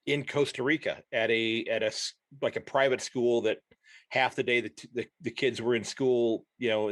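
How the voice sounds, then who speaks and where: A man's voice: medium pitch, fairly bright tone, no echo. American guy hosting a podcast, curious questions, stammers and restarts, dry close sound. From United States. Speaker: podcast host, teacher. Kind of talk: casual interview chat.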